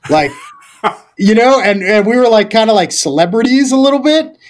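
A man with a somewhat high speaking voice tells stories from his service in a relaxed podcast chat. His delivery is loose and rambling, with lots of "like", false starts and easy profanity. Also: moderate pace. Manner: rambling, loose delivery full of "like" and restarts, swears freely. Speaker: podcast guest, former Recon Marine. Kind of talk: casual storytelling conversation.

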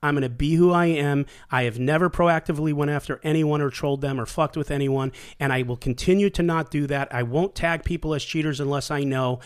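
A middle-aged man talks with raw, profane bluntness, his voice pitched somewhat high for a man. He sounds like a show host speaking straight and personally, holding nothing back. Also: steady tone, fairly quick, hardly any pauses, clean tone. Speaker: podcast host. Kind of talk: heated casual conversation.

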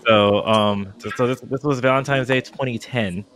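On a casual podcast, a man in his thirties spins out a long, rambling story, halting often with fillers and restarts and heatedly acting out things he once said. His voice is mid-range, fairly bright in tone, with fairly even intonation.

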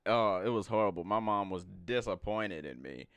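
A young man with a fairly low voice tells stories on a casual podcast, jokey and animated. His pitch swings widely, and the sound is dry and close. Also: normal speed, clear, resonant tone, no room sound. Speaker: podcast co-host. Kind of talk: casual chat.

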